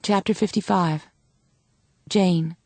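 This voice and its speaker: A woman reads an audiobook with a measured, dramatic first-person delivery. Her voice sits on the low side and the recording is close and dry, with no room sound. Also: steady tone, warm tone, dry recording. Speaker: audiobook narrator. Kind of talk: scripted audiobook narration.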